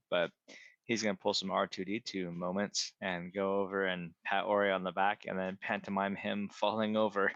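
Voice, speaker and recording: A man's voice: sits low, gravelly, a bit bright, dry recording, dull audio. A man playing a tabletop role-playing game, describing his characters' antics in a playful way. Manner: playful, laughing often. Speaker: player. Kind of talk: casual tabletop role-play.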